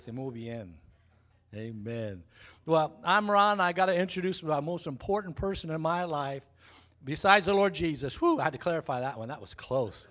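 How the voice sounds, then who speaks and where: A man in his sixties, a pastor giving a lively church sermon and welcome, jokey and exuberant with sudden whoops. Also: fairly high pitch, normal speed. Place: church sanctuary.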